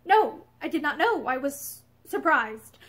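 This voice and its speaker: A woman reading a storybook speaks for a composed gentleman, polite and a little detached. She keeps her own high, lively voice for him. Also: unhurried, heavily acted. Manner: calm, polite, offhand. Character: calm grown man, politely detached.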